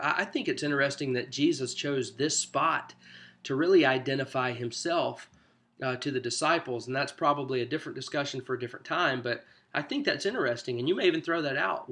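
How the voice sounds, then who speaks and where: A man talks small group leaders through a discussion guide in an easy, unscripted way. His voice sits at an ordinary middle pitch, and he drops in casual asides as he goes. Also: a bit bright. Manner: conversational, loose, with frequent "you know" asides. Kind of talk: informal teaching walkthrough.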